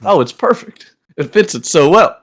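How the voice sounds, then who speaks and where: A young man co-hosting a casual comedic podcast chat, delivering sarcastic jokes in a deadpan way. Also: high-pitched, moderate pace, husky. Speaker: podcast co-host.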